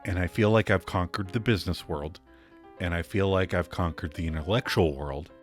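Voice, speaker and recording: A man playing a self-assured, grandiose rich boyfriend in a comic scene read-through, speaking slowly and deliberately. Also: low voice, faint music behind, voice pushed down, close to an everyday voice. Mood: solemn.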